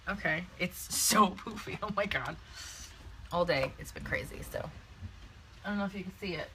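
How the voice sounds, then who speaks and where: On a live stream, this young network marketing coach talks casually with frequent laughter, fillers, and restarts. Her voice is fairly low, pushed and bright, a little slow with frequent pauses, and the phone or webcam recording is low quality with slight background noise.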